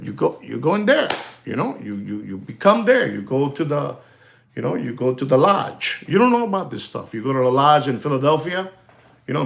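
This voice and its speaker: A gravelly, medium-pitched man rants during a casual livestream monologue, talking directly to his viewers in a conspiratorial tone. He's animated and repetitive, and he switches into Spanish.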